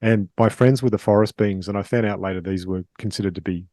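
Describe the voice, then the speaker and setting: A man hosting a podcast, talking in a relaxed, chatty way with fillers as he interviews a guest. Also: lowish voice, quick pace, no room sound, studio quality. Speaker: podcast host.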